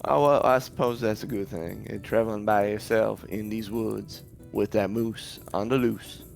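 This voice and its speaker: A man's voice: lowish voice, steady tone, normal speed, creaky, darkish tone, soft background music. A man voicing a big, grumpy male goliath logger who talks in a rambling, rustic backwoods way. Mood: folksy.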